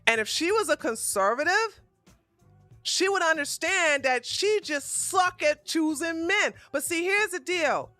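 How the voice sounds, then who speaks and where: A woman giving blunt, profane livestream commentary in a casual, animated way, close to the mic. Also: very high-pitched, unhurried, no echo, soft background music. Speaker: commentary streamer.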